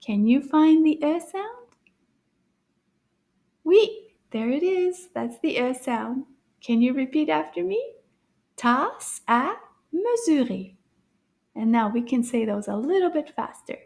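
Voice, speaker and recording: A woman leads a children's language lesson in a high, bright voice. She talks slowly and cheerfully, sounding out each word clearly. She praises often and now and then drops into a hushed whisper. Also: lively intonation. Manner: cheerful and encouraging, repeats words slowly and clearly. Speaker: French teacher for children.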